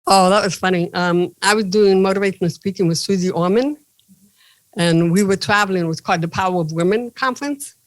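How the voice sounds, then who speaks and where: Animated woman comedian telling stories. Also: mid-range voice, a little fast, no room sound, poor audio. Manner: animated storyteller, playful jokes. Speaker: guest comedian and motivational speaker. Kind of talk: casual interview storytelling.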